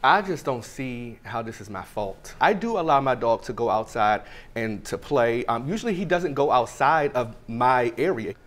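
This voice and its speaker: A man's voice: medium pitch, lively intonation, normal speed, few pauses, fairly bright tone. A young man, a defendant on a TV court show, defending himself in casual speech. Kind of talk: testimony in a TV courtroom.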